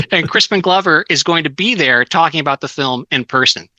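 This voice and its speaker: Middle-aged guy rambling thru a story, lots of uh and restarts, really bright tone. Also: on the high side, moderate pace, dry recording, rough recording. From Southern California. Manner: rambling anecdotes with many restarts. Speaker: guest author. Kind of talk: casual storytelling.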